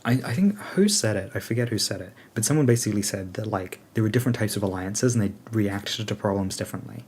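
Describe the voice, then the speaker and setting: A man's voice: lowish voice, lively intonation, fast, darkish tone, slightly rough. A man leading a game alliance, chatting casually and thinking aloud with lots of fillers as he answers questions.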